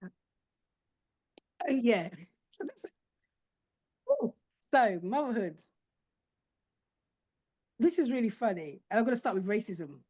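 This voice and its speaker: A woman's voice: on the high side, big pitch swings, slow pace, pauses often, a little mellow. A woman, a podcast guest telling stories in a casual chat and acting out the voices of the people she quotes. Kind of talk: casual storytelling interview.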